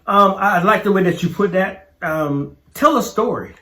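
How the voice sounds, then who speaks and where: Man co-host, high voice, teasing and stammery, roomy echo. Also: normal speed, bright, forceful tone. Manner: joking, stammers and repeats words. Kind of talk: casual chat with his wife.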